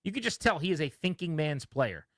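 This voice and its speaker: A man's voice: a little high, brisk, dry recording. A man hosting a sports radio show, telling stories about players and quoting them as he talks shop. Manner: animated storytelling, quotes players. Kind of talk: casual sports talk.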